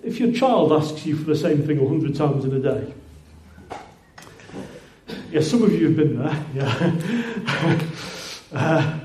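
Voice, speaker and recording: A man's voice: on the high side, big pitch swings, takes it slowly, pauses often, darkish tone, slight background noise. A man preaching a sermon in a conversational way, often repeating words and restarting phrases. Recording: roomy echoing hall.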